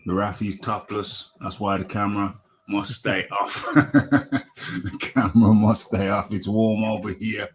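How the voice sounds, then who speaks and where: A man's voice: fairly low pitch, completely flat delivery, measured pace. A man hosting a casual boxing podcast, ranting animatedly and repeating his phrases. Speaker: host.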